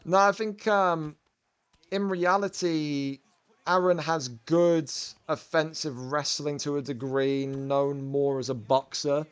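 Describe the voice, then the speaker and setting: A man with a slightly high voice calls an online fight, loose and chatty. He banters with his co-commentator and wanders between play-by-play and side remarks. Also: fairly even intonation, slow, clean tone. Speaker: commentator and host. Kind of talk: video game fight commentary.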